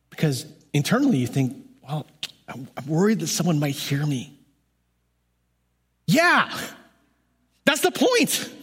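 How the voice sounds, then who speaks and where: A man who leads church music, preaching an earnest, emphatic but conversational sermon. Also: fairly high pitch. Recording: long hall reverb.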